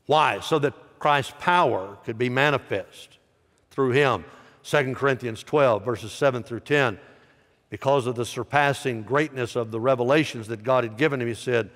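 Impassioned preacher in a big hall. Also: male voice, medium pitch. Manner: impassioned preaching, rising loud then dropping soft. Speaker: pastor. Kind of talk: sermon. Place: large church sanctuary. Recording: live sanctuary with long reverb.

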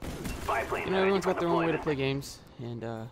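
A man's voice: a little high, animated, normal speed, loud music behind the voice. Rambling young man narrating gameplay. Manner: rambling, many filler uhs, swearing at the game. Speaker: gaming YouTuber. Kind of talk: casual gameplay commentary. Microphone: gaming headset.

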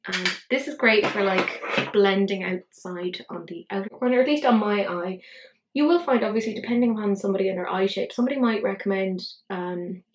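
A woman in her thirties talks through her makeup routine in a loose, chatty vlog voice. Her pitch sits in an ordinary middle range. She swears freely and scolds herself under her breath as she goes. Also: fairly quick, slight background noise, low-quality recording. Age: 30s. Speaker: beauty vlogger. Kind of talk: casual makeup tutorial chat.

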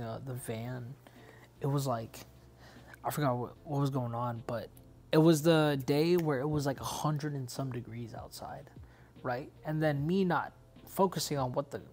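Gravelly laid-back young guy. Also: mid-range voice, darkish tone. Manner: laid-back slangy storytelling, says "bro" and "dude" a lot. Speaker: podcast co-host. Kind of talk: casual chat.

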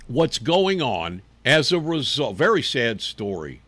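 A man's voice: medium pitch, big pitch swings, slow pace, pauses often, a bit bright, slightly rough, dry recording. An older man hosting a live talk show from his living room, folksy and rambling, often repeating his words.

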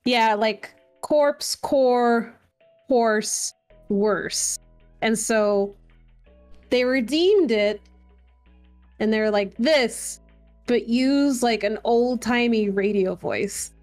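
A woman's voice: a little high, very slow, long pauses, a little mellow, dry recording, faint music behind. A woman guest on a podcast, chatting casually and laughing often as she tells a story, with many fillers. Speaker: guest streamer and artist.

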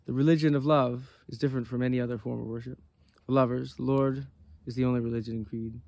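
A man voicing God as a divine male figure, reading his lines in a measured, solemn way. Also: medium pitch, fairly even intonation, creaky, mellow, lightly acted.

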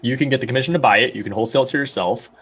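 A man's voice: mid-range voice, very fast, fairly bright tone, slight background noise. A young man, a real estate agent, explaining his deals in a confident, salesy way during a podcast interview. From Arizona, USA. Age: young adult.

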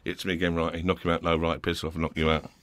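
A middle-aged man in a podcast chat, spinning a foul-mouthed pub story and jumping into other people's voices as he goes. His voice is bright and forceful. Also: low-pitched, completely flat delivery, fast talker. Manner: rowdy, swearing, acts out other people's voices. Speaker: podcast guest. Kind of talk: storytelling anecdote.

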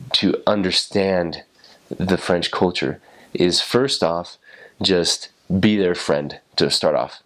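Deep-voiced young man, rambling. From United States. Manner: rambling, many restarts and acted-out quotes. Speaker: former missionary. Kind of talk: casual explanatory talk.

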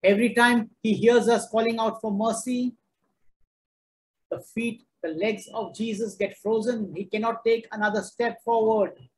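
A man's voice: sits high, steady tone, a little slow, low-quality recording. A man preaching a sermon, emphatic and repetitive, driving each point home.

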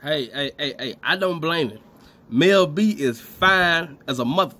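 A man hosting a reaction video, commenting in a loud, teasing, animated way. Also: a little high, unhurried, heavy background noise.

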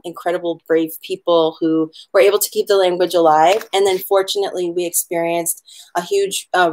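A woman from Hawaii teaching an online hula class, explaining pronunciation in a chatty, encouraging way and slowing down to spell words out letter by letter. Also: on the low side. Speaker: hula instructor.

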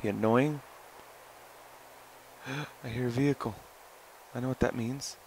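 A young man giving casual gameplay commentary, goofy and swearing, who often jumps into high excited yelling. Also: measured pace, a little hiss or hum, poor audio. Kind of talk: casual let's-play commentary.

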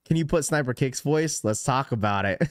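Animated streamer man chatting with his viewers. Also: medium pitch, moderate pace, dry recording, clean studio sound. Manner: rambling, chatty, talks straight to chat. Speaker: livestream host. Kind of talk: casual live-stream chat.

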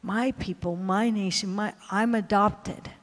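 A woman missionary preacher telling a confessional story in a sermon, swinging from hushed to loud. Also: medium pitch, steady tone, unhurried. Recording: long hall reverb.

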